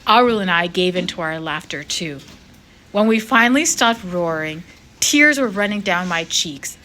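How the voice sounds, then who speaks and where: A woman, a teacher, reading a chapter of a novel aloud with expressive storytelling. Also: lowish voice, normal speed, a little hiss or hum.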